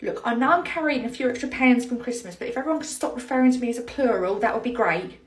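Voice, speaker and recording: Woman as a tired, defensive room leader, flat delivery, echoey room. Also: a little high, fast talker, far from the mic, lightly acted. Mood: exasperated.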